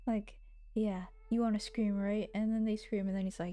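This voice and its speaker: A woman's voice: mid-range voice, little pitch movement, moderate pace, warm tone, faint music behind. A young woman streamer narrating and chatting casually between voiced lines, with giggly, self-mocking asides. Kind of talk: voice-acting stream commentary.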